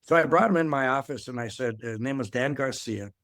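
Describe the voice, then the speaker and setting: An older man speaks as an interview guest in an unhurried, rambling way. His voice sits at an ordinary pitch and sounds dry and close. He doubles up on words and leans on "uh" as he tells his story. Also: fairly bright tone, no room sound. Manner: rambling, repeats words, fills with uh. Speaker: guest, former athletic director. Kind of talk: conversational storytelling.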